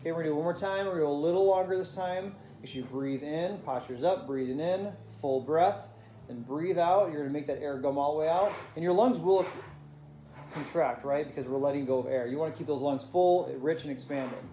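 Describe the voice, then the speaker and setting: Man coaching vocal warm-ups, echoey room. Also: fairly high pitch, brisk, a little hiss or hum. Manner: instructive, demonstrates breathing and humming. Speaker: voice teacher. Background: piano.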